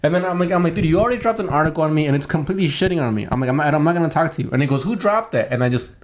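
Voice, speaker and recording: A man's voice: fairly high pitch, animated, very fast. A man in his twenties co-hosting a podcast, casually telling a rambling story, acting out other people's lines and swearing freely. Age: 20s. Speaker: podcast co-host.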